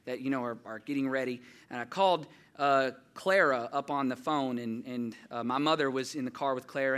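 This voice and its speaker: A man preaching a casual, story-driven sermon, talking to the congregation like friends and putting on children's voices in his anecdotes. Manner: animated storytelling, jumps higher and louder when quoting children. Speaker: pastor. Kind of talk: conversational sermon with stories.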